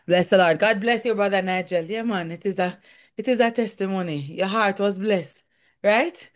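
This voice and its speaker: A woman's voice: medium pitch, normal speed. A woman leading an online prayer meeting, affirming each speaker and calling on the next.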